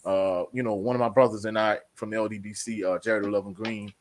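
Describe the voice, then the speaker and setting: A man, a guest creator who talks about himself in a relaxed way with many "you know" fillers. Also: fairly low pitch, fairly quick, slight background noise. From Louisiana. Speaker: guest, sports channel creator. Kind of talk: casual interview talk.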